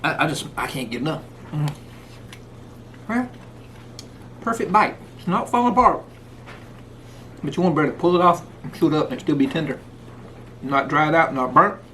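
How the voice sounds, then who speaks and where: A man's voice: fairly high pitch, lively intonation, normal speed, pauses often, a bit bright, slight background noise. A man hosting a casual cooking vlog, talking folksy and sometimes with food in his mouth. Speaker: cooking channel host. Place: outdoors in the rain, then indoors.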